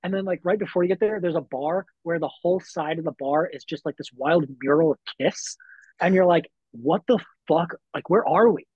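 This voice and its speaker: Husky high-voiced man telling stories. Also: fairly quick, dry recording, highs cut off. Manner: laid-back storytelling, lots of fillers. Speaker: wrestler guest. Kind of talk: casual podcast chat.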